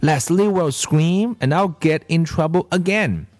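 Man voicing a nervous schoolboy, raised pitch, pleading and hesitant, storybook read-aloud, dry sound. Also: measured pace, darkish tone, no echo, lightly acted. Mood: torn. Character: anxious schoolboy tempted and torn. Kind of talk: storybook reading.

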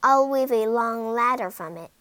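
A woman voicing a spirited young girl in a storybook reading, speaking brightly. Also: on the high side, animated, moderate pace, no echo. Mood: hopeful.

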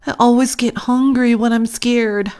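A woman's voice: a little high, steady tone, measured pace, mellow, voice pushed up, close to an everyday voice. A woman voicing a nervous, always-hungry schoolboy in a storybook reading. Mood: whiny. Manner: worried.

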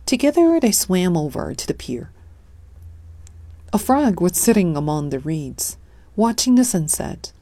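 Woman narrator for a kids' picture book, slow and expressive, mellow, dry close sound. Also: lowish voice, no echo. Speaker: storybook reader. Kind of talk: read-aloud children's story narration.

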